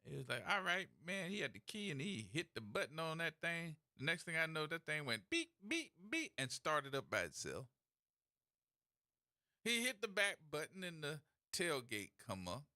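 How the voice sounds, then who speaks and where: A man hosting a call-in radio talk show, telling stories in a folksy, animated way. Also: fairly high pitch, normal speed, dry recording, studio quality. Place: radio studio. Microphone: studio mic.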